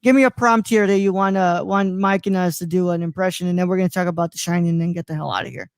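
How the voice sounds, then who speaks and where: A man's voice: sits high, steady tone, fast, clean tone, dry recording. A man hosting a live online show, rambling and stalling with lots of restarts, on a close microphone. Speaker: host. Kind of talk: casual live-stream chat.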